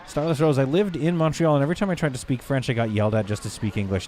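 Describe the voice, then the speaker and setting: A man's voice: mid-range voice, a little mellow. A man live-streaming a game, rambling and joking with his viewers and stumbling through bits of French. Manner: halting, self-correcting stabs at French. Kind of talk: casual live-stream chat while playing.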